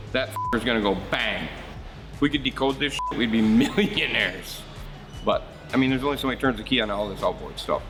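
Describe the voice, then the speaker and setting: This is a man with an ordinary, mid-pitched voice, holding forth in easygoing shop talk. He rambles from one story to the next, speaks bluntly and curses without a second thought. A bit of music sits faintly in the background. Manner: blunt, rambling storyteller who swears freely. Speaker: marine service shop host.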